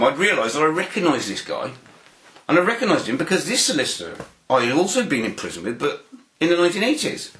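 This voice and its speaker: A man's voice: a little high, fairly bright tone, echoey room, rough recording. A man giving an interview, telling a long anecdote in a rambling way, with many restarts and fillers. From United Kingdom. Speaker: interview guest.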